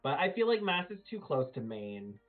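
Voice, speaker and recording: A man's voice: on the high side, very animated, moderate pace, faint music behind. A man playing in a tabletop game, chatting and thinking aloud with lots of fillers. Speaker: player. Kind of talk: casual tabletop game planning. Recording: tinny, phone-like stream audio.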